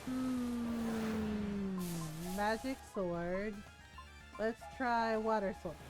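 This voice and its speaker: A woman streamer chatting casually while playing a game, animated and swearing freely. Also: a little high, extremely slow, over music, rough recording. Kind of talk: casual gameplay commentary.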